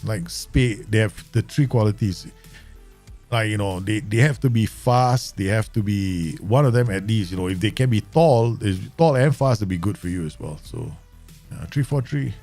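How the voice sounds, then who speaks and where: A chatty man with a Southeast Asian English accent streams his management game, quick to laugh as he talks to his viewers. His voice is gravelly and swoops up and down as he talks. Faint game music plays under him. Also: lowish voice, animated, a little mellow. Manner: chatty, laughs easily, talks to himself and chat. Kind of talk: live game commentary.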